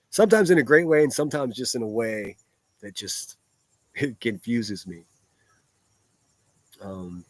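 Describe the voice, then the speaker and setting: A man's voice: mid-range voice, no echo. Blunt, profane man streaming to chat. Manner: blunt, profane, rambling with restarts. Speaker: livestreamer reading chat. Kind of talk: live-stream chat commentary.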